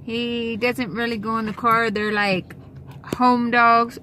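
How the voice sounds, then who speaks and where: A woman's voice: fairly high pitch, little pitch movement, takes it slowly, bright, forceful tone, a little hiss or hum. A young adult woman vlogging in a car and a store, chatting casually and rambling through exasperated complaints with lots of fillers. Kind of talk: casual chat. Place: inside a car, later a store.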